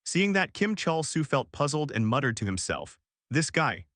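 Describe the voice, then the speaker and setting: Brief: male recap narrator, animated pitch, dry close sound. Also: normal speed, no echo. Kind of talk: scripted story narration.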